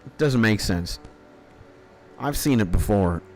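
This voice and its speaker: In his thirties and hungry after an early start, a man streams a game and chats casually, rambling, swearing freely, and slipping into half-joking life philosophy. His lowish voice is expressive and unhurried. There's a slight hiss or hum in the audio.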